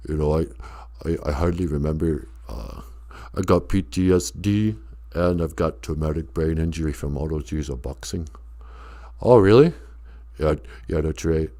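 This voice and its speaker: A man impersonating a confused, punch-drunk male action star with a low, slurred drawl. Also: animated, moderate pace, warm tone. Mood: dazed.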